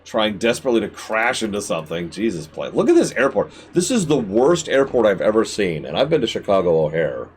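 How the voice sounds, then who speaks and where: A man giving live gameplay commentary as a streamer, talking to the game and swinging between shouted outbursts and low mutters. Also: huge pitch swings, fairly quick, hardly any pauses, a little hiss or hum.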